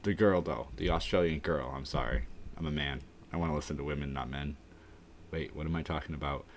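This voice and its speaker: A man hosting a casual live stream, rambling and mumbling his thoughts out loud in a warm indoor room. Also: extremely low pitch, brisk. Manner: rambling, mumbling, talking to himself.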